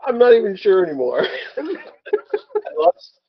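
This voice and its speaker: A man's voice: high-pitched, wildly swooping pitch, a little slow, creaky, husky, no room sound. Sardonic man podcaster, dry and lo-fi. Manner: sardonic, swears freely, laughs often. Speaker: podcast co-host. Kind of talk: casual movie review chat.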